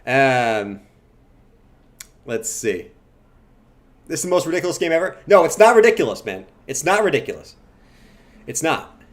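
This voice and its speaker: Here the livestream host speaks in a mid-range, sing-song voice, a little slow and with long pauses. He teases his chat in casual banter, then talks through chart analysis, punctuated by abrupt bursts of loud chanting.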